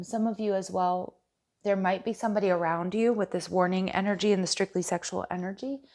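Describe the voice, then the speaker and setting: Woman doing a chatty tarot reading, bit low voice, trips over her words and restarts a lot. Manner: chatty, stumbling restarts, warm direct address. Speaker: tarot reader. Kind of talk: casual tarot reading to camera.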